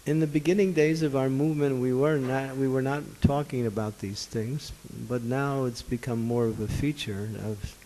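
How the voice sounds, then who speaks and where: A man's voice: mid-range voice, fairly even intonation, normal speed, few pauses, dark tone, low-quality recording. A man acting as a spiritual teacher who answers questions from a gathering, good-humored and laughing often.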